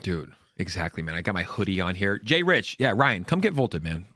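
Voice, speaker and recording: A young man co-hosting a casual livestream, animated and excitable, shouting out viewers as they join. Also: deep voice, brisk, no room sound, studio quality. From Southern California. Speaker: co-host of crypto livestream.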